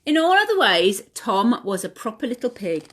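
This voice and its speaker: A playgroup leader at home reads a picture book to toddlers, putting questions to the children in a sing-song manner. She speaks at a moderate pace in a slightly high, very animated voice, with a little background noise.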